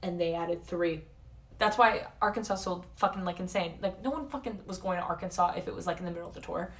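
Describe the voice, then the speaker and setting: A woman's voice: on the low side, quick pace, fairly bright tone. Chatty young woman streamer, slightly distant mic. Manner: chatty, swears a lot, says "like" constantly. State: losing her voice. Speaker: livestreamer. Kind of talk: casual chat to stream chat.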